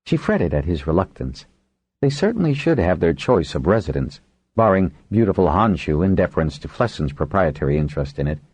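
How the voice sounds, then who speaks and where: A man reading a fantasy audiobook in a measured storytelling manner, in a dry, close recording. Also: sits low, big pitch swings, a little mellow, slightly rough, no room sound. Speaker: audiobook narrator. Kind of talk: scripted audiobook narration.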